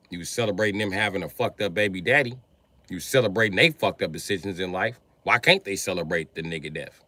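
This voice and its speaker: A man's voice: low voice, fast talker, sharp tone, dry recording. A man hosting a livestream who talks in a heated, crude, combative rant. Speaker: livestream host. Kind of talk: profane live-stream rant. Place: livestream setup.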